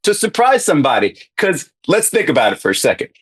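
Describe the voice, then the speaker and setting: A man co-hosting a sports podcast, giving measured takes and settling low at the end of thoughts. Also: wildly swooping pitch, fairly bright tone, husky. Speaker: podcast co-host. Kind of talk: casual sports talk.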